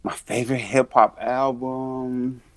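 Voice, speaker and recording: A man's voice: mid-range voice, flat delivery, takes it slowly, dry recording. A man answering as a rapper guest on a podcast, giving short, plain answers in casual chat.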